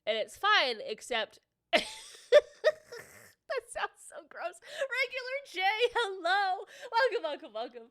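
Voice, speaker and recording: A woman's voice: very high voice, big pitch swings, slow, long pauses, bright, forceful tone. A woman livestreaming with a slightly nasal voice, chatting casually and greeting viewers by name.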